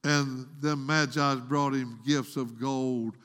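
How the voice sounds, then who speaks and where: A man's voice: medium pitch, fairly even intonation, slow, a bit bright. A man preaching a sermon in a church, dramatic and rising into pleading tones as he retells a story. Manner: dramatic, voices the quoted woman in a raised pleading tone. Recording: long hall reverb.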